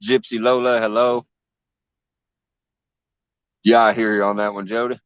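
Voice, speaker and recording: A man's voice: fairly low pitch, flat delivery, unhurried, clean tone, dry recording, dull audio. A man hosting a casual livestream chat, easygoing, laughing often and reading out viewers' names. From Illinois. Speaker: livestream host.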